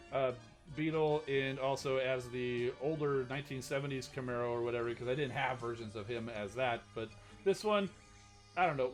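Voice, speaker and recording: A man hosting a live stream, chatting casually about toy news and reading out chat questions, rambling with many restarts. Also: a little high. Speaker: stream host.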